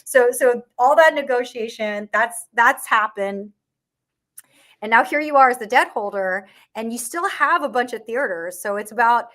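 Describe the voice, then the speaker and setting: A woman's voice: on the high side, lively intonation, normal speed, fairly bright tone. A woman in a casual online chat, talking through an investment topic with frequent laughs, fillers and restarts. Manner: chatty, laughs often, many restarts and fillers. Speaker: market commentator.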